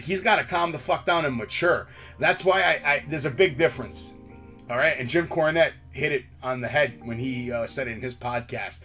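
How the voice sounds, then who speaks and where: A man's voice: on the high side, sharp tone. A man hosting a wrestling podcast, ranting in heated, profane casual chat. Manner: brash, heated, swears constantly. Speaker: podcast host.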